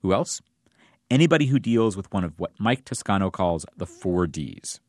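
A man's voice: sits low, expressive, moderate pace, no echo, studio quality. A male reporter narrating a scripted radio news story.

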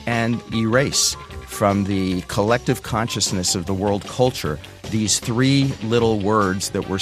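A man in his sixties telling a personal story, animated and acting out the voices of the people in it. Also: fairly low pitch.

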